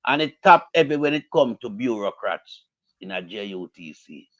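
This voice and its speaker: A man's voice: lowish voice, very animated, moderate pace, a bit bright, dull audio. A man with a Jamaican accent giving a heated, repetitive political rant in casual talk, mixing Patois with English. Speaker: political commentator.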